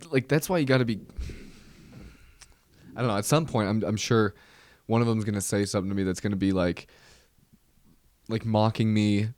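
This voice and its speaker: A man's voice: lowish voice, darkish tone, no room sound. A man hosting a casual solo podcast, rambling, with many restarts and trailing fillers. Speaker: podcast host.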